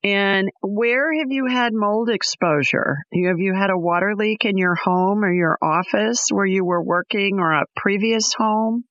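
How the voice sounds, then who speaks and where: A woman hosting a call-in radio show, giving callers brisk, direct advice. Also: mid-range voice, a bit bright, no echo, dull audio.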